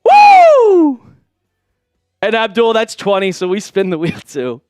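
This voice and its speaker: A man hosting a live sports stream, excitedly reading out donations and shouting, out of breath at times. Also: high voice, moderate pace, clean tone, no room sound, clean studio sound, faint music behind. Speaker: livestream host.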